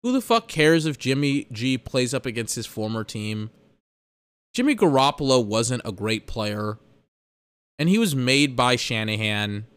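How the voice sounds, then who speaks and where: Exasperated swearing podcast host. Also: male voice, mid-range voice, animated, measured pace, smooth, dry recording. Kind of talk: ranting sports commentary.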